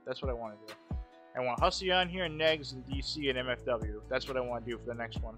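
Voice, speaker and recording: Man, livestream host, bright forceful voice, blunt and profane, faint music behind. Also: mid-range voice, fast. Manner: blunt, profane, repeats himself. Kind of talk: casual livestream commentary.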